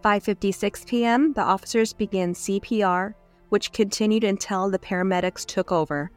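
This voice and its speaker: A woman's voice: mid-range voice, moderate pace, soft background music. A woman co-hosting a true crime podcast, narrating in an earnest, openly moved way. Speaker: podcast co-host.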